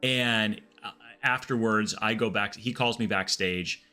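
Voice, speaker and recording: A man streaming a game, telling long rambling stories in a casual, animated way, with lots of restarts. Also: lowish voice, measured pace, faint music behind. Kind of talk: casual storytelling chat.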